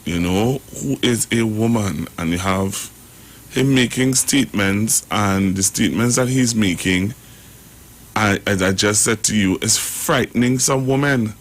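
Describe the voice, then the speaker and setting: A man hosting a radio talk show, rambling and halting as he comments. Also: on the low side. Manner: rambling, halting, full of fillers and restarts.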